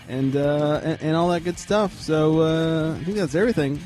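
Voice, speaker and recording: A man's voice: fairly high pitch, moderate pace, a little mellow. Joking man hosting a sports podcast. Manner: loose, joking, plugs with filler words. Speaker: podcast host. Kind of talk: casual sports comedy chat.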